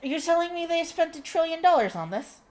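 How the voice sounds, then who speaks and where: A woman podcast co-host in casual chat, cracking short jokes and quick quips. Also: very high-pitched, expressive, darkish tone. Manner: joking, with short quips and backchannel agreement.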